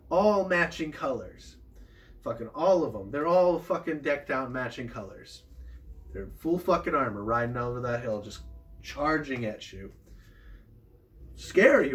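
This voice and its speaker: A man's voice: a little high, fairly bright tone, recorded from a distance. A young man talking casually about combat tactics, swearing freely and painting vivid battle scenes. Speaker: combat sport player sharing tips. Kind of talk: casual profane monologue.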